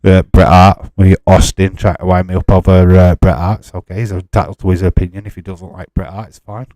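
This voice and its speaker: A man's voice: sits low, little pitch movement, brisk, warm tone, dry recording. Exasperated man chatting live. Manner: exasperated, chatty, laughs often, reads chat aloud. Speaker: live-stream host. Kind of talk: casual live chat with viewers.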